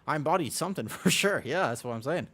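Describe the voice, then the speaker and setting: A man's voice: a little high, expressive, fast talker, a bit bright, husky. A man streaming a game, chatting casually in a rambling, self-mocking way, with many restarts and laughs. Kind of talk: casual live-stream chat while gaming.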